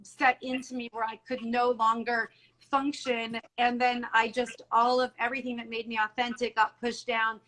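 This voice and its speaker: Here a salon owner, a middle-aged woman, is a guest in a candid interview, recounting conversations earnestly and emotionally with many restarts and quoted lines. Her voice is a little high and bright, with a forceful yet level tone at a moderate pace. Audio quality is poor.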